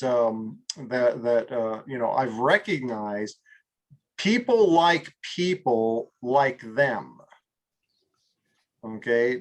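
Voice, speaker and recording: A man from California leading a group coaching call in a casual, rambling way, full of fillers and restarts, a little tired. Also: mid-range voice. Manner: rambling, many fillers and restarts, acts out slow drawled examples. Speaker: group mastermind leader.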